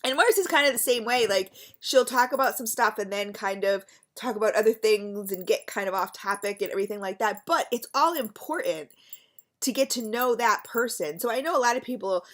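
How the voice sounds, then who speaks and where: A woman's voice: fairly high pitch, fairly quick, a bit bright. A middle-aged woman vlogging in a chatty, rambling way, gushing about a friend with many fillers. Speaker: beauty vlogger. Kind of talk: casual rambling vlog.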